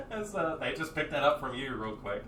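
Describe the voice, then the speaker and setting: A man's voice: a little high, pushed and bright, roomy sound, distant mic, a little hiss or hum. A man narrating a tabletop game as game master, rambling with many fillers and restarts.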